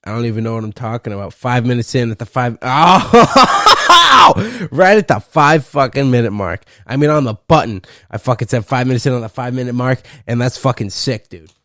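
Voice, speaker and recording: A young man hosting a solo podcast, rambling and cursing playfully, breaking into loud laughs. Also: mid-range voice, steady tone, fast talker, hardly any pauses, no room sound, studio quality. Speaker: podcast host. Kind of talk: casual solo podcast rant.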